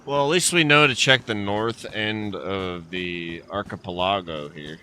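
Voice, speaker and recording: Streaming a survival game, a man talks to himself in rambling, joking commentary. His voice is on the low side and sharp in tone, his pace measured, with slight background noise in the recording.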